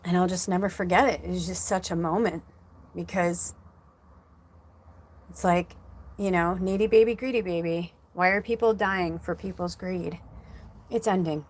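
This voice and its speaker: A woman's voice: lowish voice, steady tone, normal speed, pauses often. A middle-aged woman, a psychic medium, telling a story casually on a livestream in a rambling way full of fillers, near tears. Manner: rambling, heavy use of "like" fillers; emotional, close to tears.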